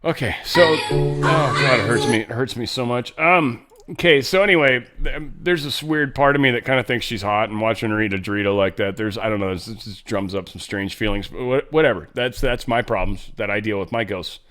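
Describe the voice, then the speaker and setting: A man's voice: mid-range voice, brisk, a bit bright. A man hosting a casual political commentary show, rambling and restarting his thoughts with irreverent, jokey asides. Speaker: show host.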